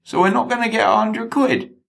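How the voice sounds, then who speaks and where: A man voicing an excitable, whiny small-time English crook. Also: high-pitched, fairly quick, creaky, pitched above the performer's own voice. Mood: indignant.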